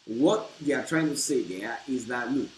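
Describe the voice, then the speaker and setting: A man preaching a teaching on marriage, with an emphatic delivery that swells into loud bursts. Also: medium pitch, expressive, normal speed. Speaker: pastor. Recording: echoey room with faint hiss.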